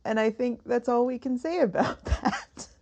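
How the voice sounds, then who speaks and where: A woman's voice: on the high side, normal speed, vocal fry, a little mellow. A woman co-hosting a podcast in casual chat, laughing often. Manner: giggly, laughs a lot. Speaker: podcast co-host.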